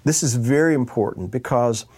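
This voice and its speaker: A man preaching a sermon on scripture, speaking in a measured, deliberate way with emphatic pauses. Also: mid-range voice, warm tone, breathy edge.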